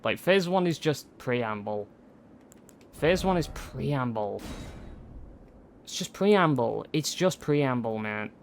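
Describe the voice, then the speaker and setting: A man's voice: mid-range voice, expressive, slow, long pauses, a little hiss or hum. A young man commentating on his own gameplay as a streamer, swearing and repeating himself in frustration. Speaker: gaming streamer.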